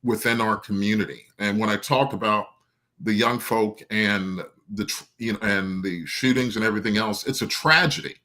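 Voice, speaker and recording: A man's voice: fairly low pitch, normal speed, sharp tone. A man calling in to a radio talk show, speaking earnestly about his community with many "um" and "uh" fillers. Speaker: caller. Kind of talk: casual call-in talk.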